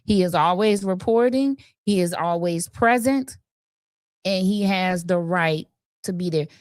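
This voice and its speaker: A woman's voice: on the low side, measured pace, no echo, studio quality. A woman hosting a livestream, commenting bluntly and casually on a city council meeting. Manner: blunt, conversational, opinionated. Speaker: livestream host.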